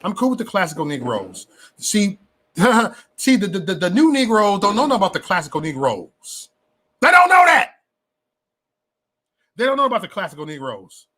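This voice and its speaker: A man hosts a casual livestream into a webcam or phone mic, ranting with slang and preacher-like repetition. His voice sits on the higher side, and he stumbles over restarts as he gets worked up. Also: very animated, a little fast, fairly bright tone. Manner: repeats words and stammers on restarts. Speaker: livestream host.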